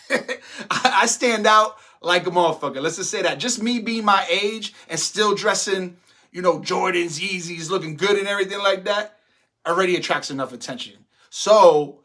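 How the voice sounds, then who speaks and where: A man hosting a show, giving casual and profane commentary in a brash, loud way, swearing and laughing often. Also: on the high side. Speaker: podcast host.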